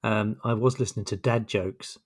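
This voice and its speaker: A man's voice: lowish voice, steady tone, normal speed, breathy edge. A man co-hosting a podcast in casual chat, tired and joking, teasing his co-host.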